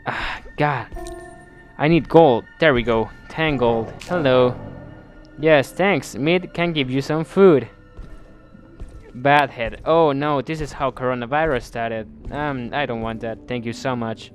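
A gameplay commentator doing let's play commentary talks in an unhurried, mid-range voice as he plays a video game, with faint music behind. He thinks aloud, sounding bemused, and often restarts his sentences.

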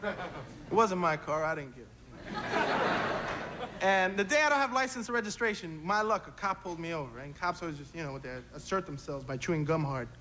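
A man performing a stand-up comedy routine on stage, telling punchy stories with quick tag lines. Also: on the high side, animated. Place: theater stage before a live audience. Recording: noisy 1970s TV stage recording with roaring crowd. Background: loud audience laughter.

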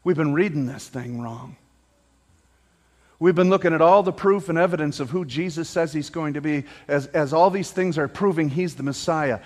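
A male pastor delivering a sermon, asking the congregation rhetorical questions and raising his voice near a shout at peaks. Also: on the high side, normal speed. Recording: long hall reverb.

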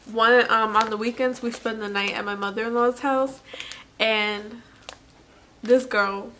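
A woman's voice: a little high, fairly even intonation, unhurried, bright, forceful tone, a little hiss or hum. A woman vlogger and new mother talking casually through a product unboxing, chatty and self-deprecating, with fillers like "anywho".

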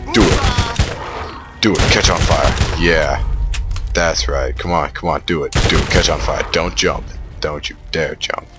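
A man commentating on his own shooter gameplay, excitable and trash-talking the enemies. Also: sits low. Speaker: gamer playing a shooter. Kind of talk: let's play commentary.

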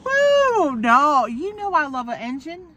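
A woman's voice: mid-range voice, animated, normal speed, sharp tone. A woman vlogging from inside a car on her phone, chatting and joking while sick with a cough, swearing and laughing often. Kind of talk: casual chat to camera.

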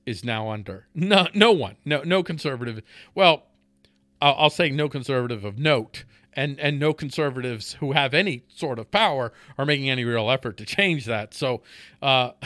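Heated, swearing man with a bright voice. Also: fairly high pitch, no room sound. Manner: heated, swearing, repeats words, laughs between points. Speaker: podcast host. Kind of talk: profane political rant.

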